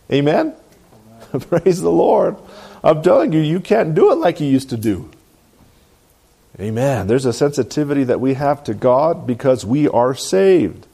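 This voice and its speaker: A man's voice: on the high side, warm tone. A man preaching a sermon as pastor, emphatic and conversational, often checking in with his listeners. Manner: emphatic preaching with frequent "right?" and "amen?"; acts out polite excuses in a lighter voice.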